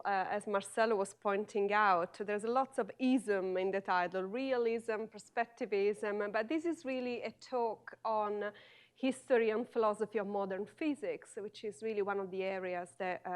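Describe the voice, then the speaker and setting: A woman in her forties with an Italian accent gives a university lecture. She speaks slowly and carefully and often pauses on filler sounds. Her voice sits at a middle pitch. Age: 40s. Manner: deliberate and slow, with frequent "uh" fillers. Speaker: guest lecturer, philosophy professor. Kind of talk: academic lecture.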